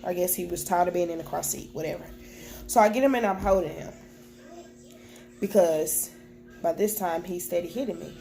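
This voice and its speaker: A woman's voice: fairly low pitch, moderate pace, gravelly, long pauses, warm tone, soft background music. Young woman telling a candid story. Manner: candid, plain-spoken retelling with quoted dialogue. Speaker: vlogger. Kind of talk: storytime to camera. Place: at home with children nearby.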